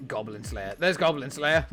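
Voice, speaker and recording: A man's voice: mid-range voice, lively intonation, slow pace, a bit bright, soft background music. A man streaming casually, chatting with enthusiasm, swearing freely and thinking aloud as he goes through his anime list.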